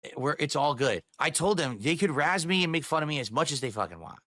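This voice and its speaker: A man's voice: a little high, sing-song, fast talker, sharp tone, no echo, studio quality. A man live-streaming a heated rant to his chat, swearing and firing off rhetorical questions.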